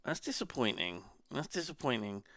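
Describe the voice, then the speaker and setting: A man's voice: medium pitch, big pitch swings, normal speed, fairly bright tone, no echo, studio quality. A man chatting casually on a live stream, rambling and muttering to himself as he browses.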